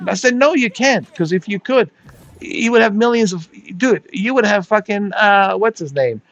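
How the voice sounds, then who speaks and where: A man's voice: sits high, expressive, moderate pace, fairly bright tone, dry recording, poor audio. A man ranting crudely and mocking someone in casual chat, laughing often as he goes. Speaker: gaming streamer.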